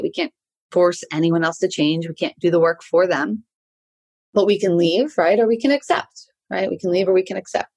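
A woman coaching listeners in a relaxed solo talk, often checking in with "right?". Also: on the low side. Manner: conversational, tags many sentences with "right?". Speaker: life coach.

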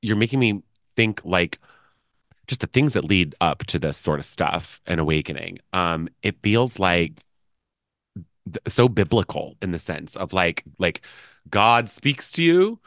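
A man with a very low voice and a bright, forward tone muses casually, thinking aloud and trailing off now and then. He sounds relaxed, and the close mic gives dry, echo-free sound. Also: measured pace. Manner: relaxed, musing, trails off with fillers and restarts. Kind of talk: casual conversation.

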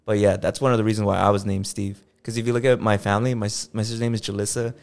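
A man's voice: lowish voice, racing, creaky. A man from the United States co-hosting a podcast, talking casually and loosely with lots of fillers. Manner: relaxed, loose, heavy use of fillers. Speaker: podcast co-host.

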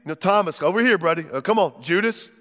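A man's voice: high voice, lively intonation, fairly quick, a bit bright. A man voicing Jesus as an earnest, casual figure who urges his followers to listen closely. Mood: earnest, urging. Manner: casual, direct, urging. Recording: long hall reverb.

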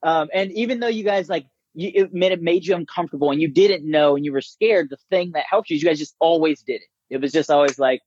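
A man who works as a business coach, talking casually and telling stories with lively impressions of others. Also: fairly high pitch, quick pace, few pauses, dry recording, dull audio. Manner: animated storyteller, mimics voices. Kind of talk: casual conversation.

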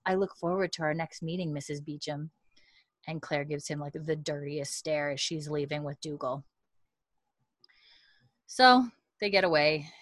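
A woman's voice: low voice, sharp tone, no room sound. A woman podcast host in casual chat, chatty and full of fillers, retelling a story and quoting the characters' lines. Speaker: podcast host recapping an episode.

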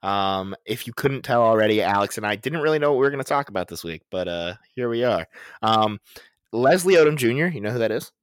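A young man co-hosting a podcast, talking casually with a lively, bouncing pitch. He tells stories animatedly and swears freely. His voice is close and dry, with no room sound. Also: a little fast, smooth, no room sound. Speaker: podcast co-host.

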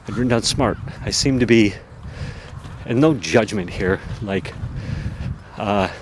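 A man's voice: fairly low pitch, measured pace, background noise. Rambling man podcasting outdoors. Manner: rambling, self-deprecating, many fillers. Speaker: podcast host. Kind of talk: casual personal monologue.

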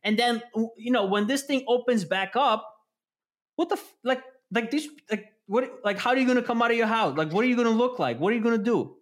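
A man chatting casually on a podcast, animated and swearing constantly as he acts out scenes. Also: extremely high pitch, brisk. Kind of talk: casual profane chat.

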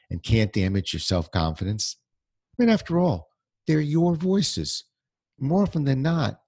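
A man's voice: fairly low pitch, vocal fry, a little mellow, husky, no room sound, studio quality. A man hosting a solo motivational podcast from home, speaking conversationally with plenty of fillers and restarts. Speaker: podcast host.

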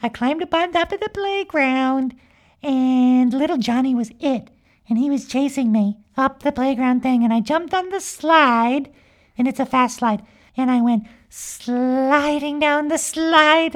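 Woman playing a high, giggly little unicorn girl for a comedy podcast, rambling and mischievous. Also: measured pace. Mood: chatty. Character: cheerful young magical unicorn girl, mischievous. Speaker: podcast character. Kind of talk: improvised comic storytelling.

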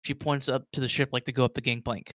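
A man's voice: medium pitch, little pitch movement, fast talker, a bit bright, dry recording, studio quality. A man running a tabletop game as game master, narrating in a rambling way with many fillers.

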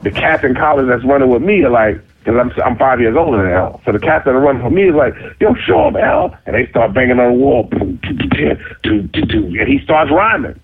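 A middle-aged man telling a story in casual talk, cocky and animated, jumping into high squeaky voices for the people in it. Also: fast talker, hardly any pauses. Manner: cocky, self-mocking. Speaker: interview guest. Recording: phone-like narrow sound.

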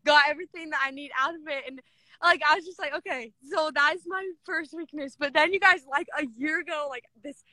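Bright, high-voiced young woman gushing. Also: brisk, no echo. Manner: gushing, filler-heavy with constant "like"; retells scripture as chatty dialogue. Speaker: devotional speaker. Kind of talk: casual scripture talk.

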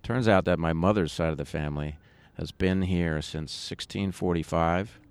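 A man with a very low, gravelly voice talks through a relaxed interview. He rambles, circling back and restarting his sentences as he recalls things. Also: normal speed. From United States. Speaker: musician guest. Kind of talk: conversational interview.

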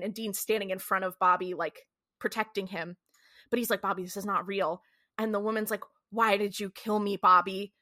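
Pitched in the middle and bright, with a pushed quality, this podcast co-host gives a casual, chatty rundown of a TV episode. Her speech is peppered with "like" and she curses freely.

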